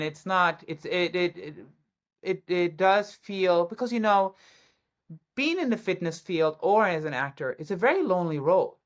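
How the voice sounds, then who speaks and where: A woman from Germany, a guest actress talking excitedly about her career in a casual interview, with frequent restarts. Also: fairly low pitch.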